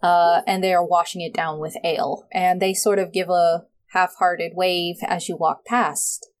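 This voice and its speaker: A woman narrating a tabletop role-playing game as game master, describing scenes in a relaxed way with some fillers. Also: on the low side, measured pace.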